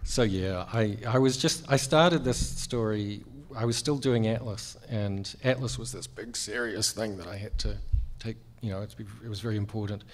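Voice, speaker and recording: Kiwi guy on a panel, lowish voice, wry and chatty, lots of ums. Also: normal speed, hardly any pauses. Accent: New Zealand. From New Zealand. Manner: self-deprecating, wry, chatty with many fillers. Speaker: cartoonist guest on a panel. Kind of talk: panel conversation. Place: convention panel room.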